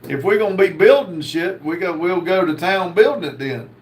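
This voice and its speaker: A man hosting a casual livestream, reading viewer comments aloud in a slow drawl. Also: sits high, animated. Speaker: livestream host reading chat.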